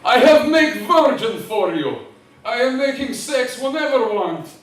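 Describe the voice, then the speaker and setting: A towering, pushy Russian mail-order bride, as a man puts her on for a stand-up bit. She booms in a thick mock accent, pitched high and swinging wide. The sound echoes around a room, heard from a distance. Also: big pitch swings, a little slow, a bit bright, full character voice. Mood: eager.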